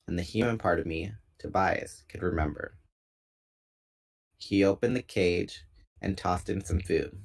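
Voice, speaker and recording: A man with a notably deep voice reads a novel aloud. His delivery is relaxed and informal, and he sometimes stops to correct a slip before carrying on. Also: creaky. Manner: relaxed, unpolished reading with small self-corrections. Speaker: book reader.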